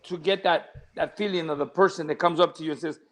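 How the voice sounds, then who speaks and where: A man's voice: fairly high pitch, fairly even intonation, fast. A man who co-hosts a podcast as a boxing coach, talking in an easygoing way with many "you know" fillers. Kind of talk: casual podcast chat.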